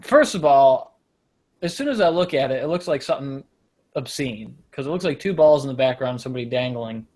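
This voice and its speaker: A man's voice: medium pitch, lively intonation, brisk, a little mellow. A man hosting a casual comedy show, rambling through jokey stories and often losing track of his point. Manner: rambling, self-deprecating, loses his point. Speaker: podcast host.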